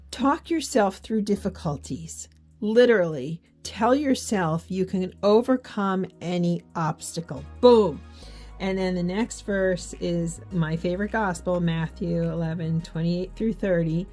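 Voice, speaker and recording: Middle-aged woman, devotional vlogger, unhurried earnest delivery, lowish voice over quiet music. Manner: earnest, encouraging, reads scripture aloud. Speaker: faith journaling vlogger. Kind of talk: heartfelt devotional chat.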